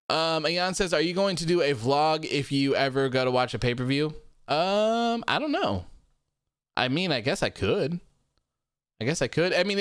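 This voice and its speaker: A man's voice: mid-range voice, fairly bright tone, clean tone, no room sound, clean studio sound. A man hosting a wrestling post-show livestream, reading viewer comments aloud in a friendly, upbeat casual chat and thanking viewers often. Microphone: desk microphone.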